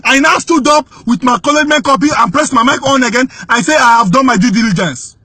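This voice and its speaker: A Nigerian man with a very high, bright and piercing voice, speaking urgently and indignantly as he recounts events. The sound is close and dry, with no room around him. He pushes up into shouts when he presses his point. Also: fast, slightly rough, no echo. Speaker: whistleblower giving testimony. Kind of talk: impassioned spoken testimony.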